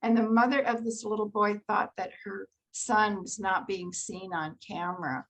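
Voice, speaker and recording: An older actress, a guest on a video call, telling stories from her career in an animated, anecdotal way. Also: mid-range voice, normal speed, low-quality recording. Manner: animated anecdotal storytelling with laughs. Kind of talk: storytelling in an interview.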